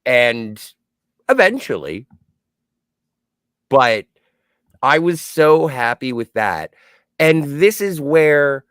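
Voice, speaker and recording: Podcast guy, mid-pitch, voice jumps all over the place when he gets excited, super dry close sound. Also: slow, long pauses, no room sound. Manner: enthusiastic, swoops up and down in pitch. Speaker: podcast co-host. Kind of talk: casual podcast chat.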